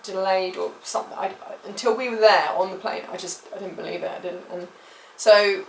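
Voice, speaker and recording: A woman's voice: medium pitch, steady tone, a little fast, creaky, slight background noise. British woman retelling a story, echoey. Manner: emotional, rambling retelling with many fillers. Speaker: vlogger. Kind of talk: personal storytime vlog. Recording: echoey room, mic at a distance.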